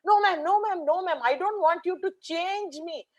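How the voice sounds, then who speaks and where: A woman's voice: moderate pace, rough recording. A woman voicing a timid, eager young schoolboy in a story for teachers, pleading in a raised voice. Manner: pleading, high and excited.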